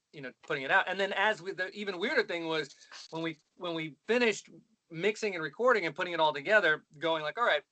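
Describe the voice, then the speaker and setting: A musician guest, a man, talking in a quick casual chat with a bright, cutting voice. His pitch sits a little high and the sound is dry and close. He swears freely and acts out what people said in different voices. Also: no echo. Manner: rapid, profane, acts out quoted lines in shifting voices. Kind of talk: casual conversation.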